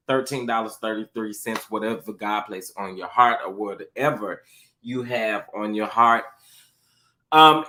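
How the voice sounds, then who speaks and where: A man's voice: medium pitch, sharp tone. A young man, a little tipsy and sassy, hosting a casual live stream, repeating his phrases with a drawl and greeting viewers in the chat. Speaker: livestream host.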